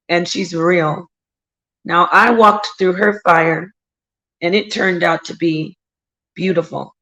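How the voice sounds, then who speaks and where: Woman, livestream host, rambling and emphatic, husky slow delivery. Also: on the low side, fairly bright tone, rough recording. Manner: rambling, emphatic, greets viewers by name. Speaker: livestream host reading viewer chat. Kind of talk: casual livestream chat.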